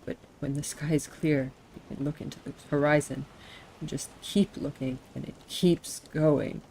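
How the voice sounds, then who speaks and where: A streamer voicing a quiet, seasick traveler who speaks in a slow, reflective way. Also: mid-range voice, steady tone, creaky, slight background noise, close to an everyday voice, rough recording. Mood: wistful. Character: seasick, brooding traveler on a boat.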